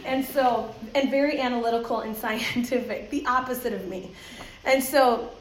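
High-voiced woman speaking in a roomy hall. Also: moderate pace. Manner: lively, laughs often, acts out voices in quotes. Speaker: children's ministry speaker. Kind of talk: talk to a church audience, with anecdotes. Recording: roomy echoey hall sound.

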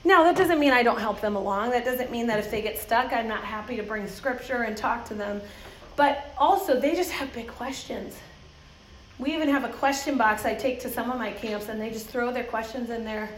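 A high-pitched woman addresses a church crowd, telling lively stories and laughing often as she acts out quoted voices. Her voice rings through a roomy, echoing hall, with a faint hum behind her. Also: normal speed. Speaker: children's ministry speaker. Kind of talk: talk to a church audience, with anecdotes. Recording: roomy echoey hall sound.

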